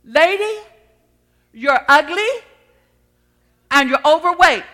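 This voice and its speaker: A woman putting on a cheeky male parrot in a spoken church joke who squawks his taunts high and loud. The voice leaps well above her usual preaching tone and is fiercely sharp. Long hall reverb trails each word. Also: lively intonation, slow pace, heavily acted. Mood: taunting. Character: rude heckling pet parrot, male.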